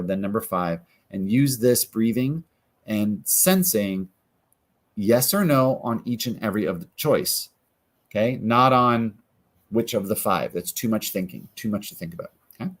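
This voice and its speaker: Calm male coach guiding an exercise. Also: on the low side, normal speed. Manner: calm, guiding, acts out inner questions in quotes. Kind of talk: guided self-help coaching.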